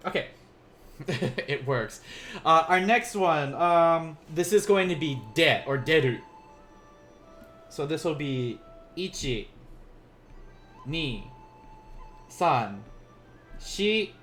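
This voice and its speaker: Slow-talking man teaching beginner Japanese. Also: fairly high pitch, animated, soft background music. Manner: rambling, self-amused, counts stroke numbers softly while writing. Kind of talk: casual livestream lesson.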